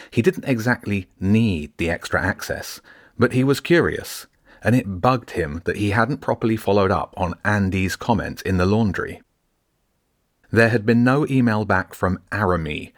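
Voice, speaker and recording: Author-narrator, deep male voice, measured audiobook read, dry close sound. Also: no echo. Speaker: author reading own book.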